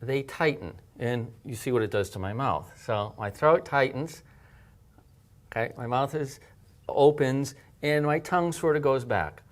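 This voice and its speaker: A man's voice: mid-range voice, unhurried. Patient man teaching letter shapes. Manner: patient, step-by-step, demonstrates sounds. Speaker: language teacher. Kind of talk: explaining pronunciation and handwriting.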